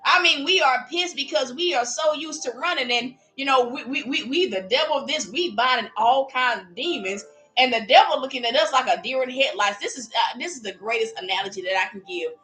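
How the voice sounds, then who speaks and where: A woman preaching in a lively, casual way, acting out little voices as she speaks. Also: high-pitched, fairly quick, faint music behind, poor audio. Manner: animated, playful, acts out voices while preaching. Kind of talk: livestreamed preaching.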